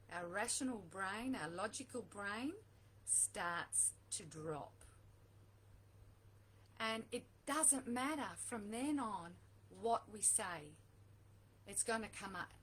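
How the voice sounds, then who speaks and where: A woman's voice: on the high side, a little hiss or hum, poor audio. A middle-aged woman coaching viewers on relationships, talking earnestly and repeating her key points for emphasis. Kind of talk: direct-to-camera advice talk.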